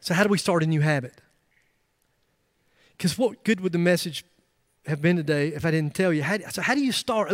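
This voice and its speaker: A middle-aged male pastor preaching a sermon, emphatic, swinging into loud bursts and joking asides. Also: a little high, brisk, long pauses, no echo, clean studio sound.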